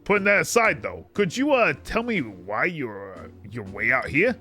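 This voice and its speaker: A small, confident mouse detective asks his questions in a self-assured way, as a man reads him out. His voice is bright and animated, with faint game music behind it. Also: medium pitch, moderate pace. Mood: inquisitive.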